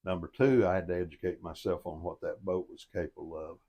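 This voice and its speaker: A man's voice: sits low, fairly even intonation, fairly quick, dark tone, husky. An older man telling a boating story in a folksy, plain-spoken and earnest way, as a motivational storyteller. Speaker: storyteller and life coach.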